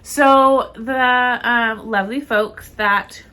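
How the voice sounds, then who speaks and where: A woman's voice: fairly high pitch, fairly even intonation, extremely slow, a crowd in the background. A woman co-hosting a knitting podcast, chatting casually and rambling with lots of fillers, a bit stuffy in the nose. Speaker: podcast co-host.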